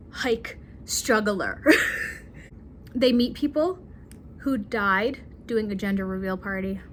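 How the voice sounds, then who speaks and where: A woman's voice: mid-range voice, slight background noise. A woman chattily recapping a movie, acting out the characters' lines with drama. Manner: chatty, dramatic retelling with acted quotes. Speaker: movie reviewer.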